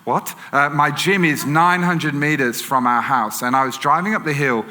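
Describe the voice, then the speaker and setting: English man preaching in a bright, reverberant hall. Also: fairly high pitch, moderate pace. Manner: conversational storytelling with fillers and self-corrections. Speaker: pastor. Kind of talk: sermon. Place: church auditorium. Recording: long church hall reverb.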